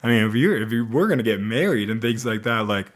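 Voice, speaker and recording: A man's voice: medium pitch, expressive, quick pace, close to an everyday voice. A man doing an insistent young princess. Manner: insistent, pressing. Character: no-nonsense young princess, questioning.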